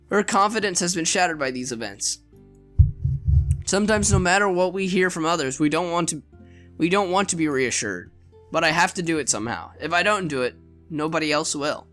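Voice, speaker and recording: A man reads a visual novel aloud in an earnest, expressive way, stumbling over a word now and then. His voice is bright and sits a little high for a man. Soft music runs behind him. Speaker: narrator reading a visual novel.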